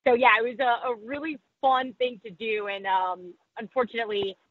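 A woman's voice: on the high side, steady tone, normal speed, narrow, tinny audio. A woman sports reporter talking candidly in a podcast interview, poking fun at herself. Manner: candid, self-deprecating, quotes people in put-on voices.

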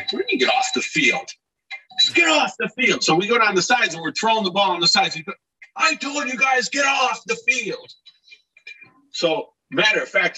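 A middle-aged man from Scranton telling animated anecdotes in a casual podcast chat, acting out shouted quotes. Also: mid-range voice, husky, distant mic, low-quality recording. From Scranton, Pennsylvania. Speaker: podcast guest, actor and DJ. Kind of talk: casual storytelling.

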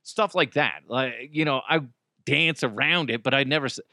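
Man, podcast host, joking rambling monologue, bright tense voice, very dry sound. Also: medium pitch, normal speed, no room sound. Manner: joking, rambling, with lots of restarts. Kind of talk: casual solo podcast monologue.

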